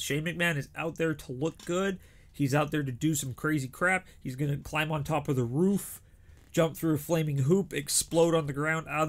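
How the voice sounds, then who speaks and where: A man's voice: on the high side, creaky, fairly bright tone. A young man giving casual, opinionated predictions as a show host, chatty with frequent restarts.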